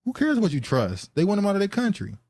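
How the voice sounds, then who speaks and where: A man's voice: high-pitched, huge pitch swings, fast, a little mellow, dry recording, studio quality. Man riffing casually on news headlines. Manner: reads headlines aloud then riffs on them, loose and argumentative. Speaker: podcast host.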